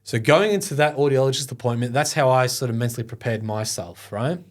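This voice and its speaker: A man's voice: medium pitch, fairly quick. A middle-aged man, telling a personal story in an interview. He talks in a loose, conversational way with many fillers and sometimes gets choked up. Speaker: guest, foundation founder.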